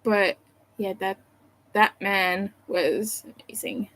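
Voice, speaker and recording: A woman's voice: medium pitch, fairly even intonation, takes it slowly, fairly bright tone, rough recording. A sleepy woman on a casual livestream from home, rambling and apologizing as she thinks aloud. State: sleepy, yawning.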